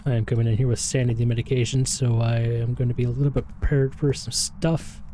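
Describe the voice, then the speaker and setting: A slightly hoarse, out-of-breath man giving rambling, self-deprecating commentary while streaming a game. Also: mid-range voice, little pitch movement, quick pace, warm tone, a little hiss or hum. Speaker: gaming streamer.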